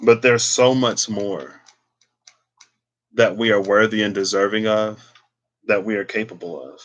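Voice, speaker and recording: This tarot reader talks casually and reflectively about spirituality and tarot, wandering through his thoughts with lots of fillers. His voice sits on the low side with fairly even intonation and an unhurried pace, and the audio sounds dull.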